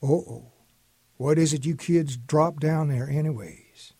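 A man voicing a patient, gently teasing older grandfather who talks in a folksy, coaxing way. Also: fairly high pitch, measured pace, breathy edge, no room sound. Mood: alarmed.

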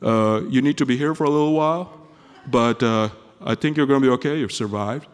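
A man voicing a steady, reassuring male ER doctor who speaks in a measured way with small hesitations. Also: medium pitch, smooth, in a large hall, pitched below the performer's own voice, close to an everyday voice. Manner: measured, matter-of-fact, slight hesitations.

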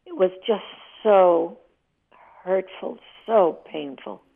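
A woman's voice: mid-range voice, slow pace, creaky. An older woman in her eighties, a guest telling vivid, emotional stories in a candid interview. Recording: tinny phone line.

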